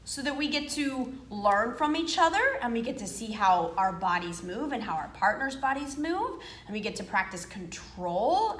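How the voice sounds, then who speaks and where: A woman's voice: a little high, a bit bright, roomy sound. A woman karate instructor patiently teaching a child, with lots of encouraging praise. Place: martial arts dojo.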